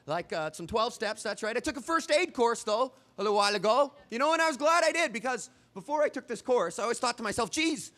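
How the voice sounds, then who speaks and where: A man's voice: very high voice, lively intonation, fast talker, few pauses, a bit bright. A man doing stand-up comedy on stage, rambling conversationally with the audience. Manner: rambling, conversational, putting on little voices for bugs. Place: stage in front of a live audience.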